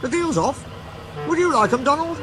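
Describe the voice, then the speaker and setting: Guy doing a little cheeky tank engine, way high piping voice, all innocent and sly. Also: animated, normal speed, over music. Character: small cheeky male tank engine, impish.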